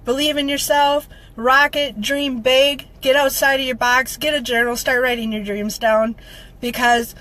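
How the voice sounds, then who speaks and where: A woman's voice: high-pitched, steady tone, unhurried, pushed and bright, poor audio. A woman talking straight to her viewers, emphatic and repetitive, close to tears as she rallies them. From Minnesota. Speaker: motivational vlogger. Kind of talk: heartfelt direct-to-camera update.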